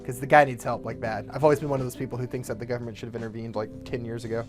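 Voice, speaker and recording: A man's voice: mid-range voice, little pitch movement, racing, music in the background. A young man hosting a casual podcast chat, rambling with fillers and frequent laughter. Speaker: podcast host.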